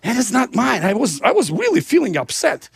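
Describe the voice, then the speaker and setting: Brief: male preacher, high and very expressive, husky, dry close sound, animated testimony. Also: brisk. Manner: animated, laughing, acts out dialogue. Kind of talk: sermon testimony storytelling.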